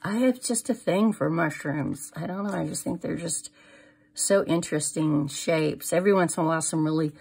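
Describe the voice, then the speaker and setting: A woman's voice: low voice, moderate pace, creaky, a little mellow, husky. A middle-aged woman chatting casually through a crafting haul, gushing over each item and trailing off into fillers. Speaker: crafting vlogger. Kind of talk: casual product haul show-and-tell.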